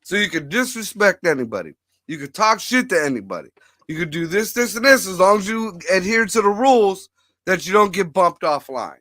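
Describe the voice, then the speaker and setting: A man hosting a livestream chat, his voice bright and a little higher than most men's. He talks bluntly and swears freely as he riffs. The sound is dry and close, with no room echo. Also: big pitch swings, a little fast. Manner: blunt, profane, riffing. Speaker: host.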